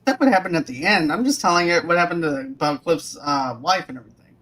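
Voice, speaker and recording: A man's voice: a little high, fast talker, pushed and bright. A man co-hosting a casual review chat. He argues his view earnestly and with emphasis. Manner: earnest, emphatic, makes his point firmly. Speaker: podcast co-host.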